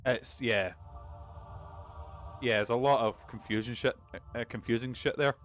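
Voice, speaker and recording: A man's voice: medium pitch, steady tone, measured pace, a bit bright. A man streaming a video game, chatting casually and rambling with plenty of swearing. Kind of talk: casual gaming commentary. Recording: game music behind.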